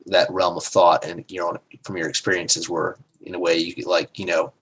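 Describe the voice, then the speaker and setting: A man's voice: sits low, level tone, normal speed, a bit bright, husky, poor audio. A man hosting an interview, talking loosely and searching for words with many fillers. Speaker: podcast host. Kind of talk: casual interview chat.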